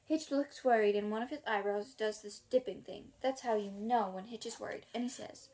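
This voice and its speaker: A woman's voice: medium pitch, moderate pace, few pauses, darkish tone. A woman reading a children's book aloud in a casual way, now and then stopping to chuckle and comment. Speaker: audiobook reader. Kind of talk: amateur audiobook reading.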